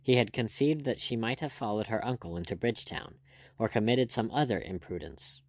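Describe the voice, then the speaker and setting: A man reading an audiobook aloud in a steady, measured way. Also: lowish voice, dry recording. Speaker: audiobook narrator. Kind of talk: scripted narration.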